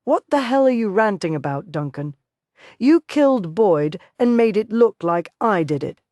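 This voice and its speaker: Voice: medium pitch, expressive, moderate pace, darkish tone, no echo, voice pushed up, lightly acted. A narrator voicing a wounded, brooding man fresh out of prison, in an audiobook. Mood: angry.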